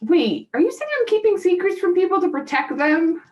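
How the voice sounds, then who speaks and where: A woman playing in a tabletop role-play, chatting in a giggly, animated way and joking often. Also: very high-pitched. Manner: giggly, animated, quick to joke. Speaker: player.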